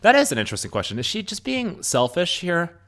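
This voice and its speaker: A man's voice: high-pitched, huge pitch swings, brisk, a bit bright. A man teaching a lesson, walking students through a play. He talks in a chatty way, with lots of fillers and asides, and records into a microphone. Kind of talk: recorded class lesson, reading a play aloud.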